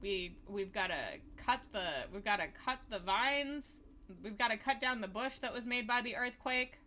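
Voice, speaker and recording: A woman's voice: on the high side, moderate pace, sharp tone, a little hiss or hum. A young adult woman livestreaming a horror game, giving casual, chatty gameplay commentary full of crude, self-mocking asides.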